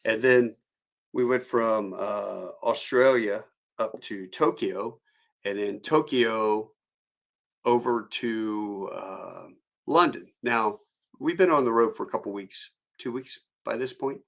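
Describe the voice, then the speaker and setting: A man's voice: on the low side, slow pace, vocal fry, fairly bright tone. A man hosting a solo live stream, telling rambling travel anecdotes with frequent chuckles. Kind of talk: storytelling.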